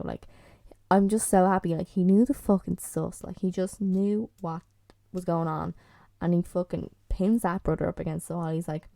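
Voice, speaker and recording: A woman's voice: lowish voice, fairly even intonation, moderate pace, gravelly, mellow, dry recording. A woman hosting a podcast, chatting casually and bluntly, swearing freely and filling her talk with "like" and "um". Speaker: podcast host. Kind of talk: casual solo chat reviewing a TV series.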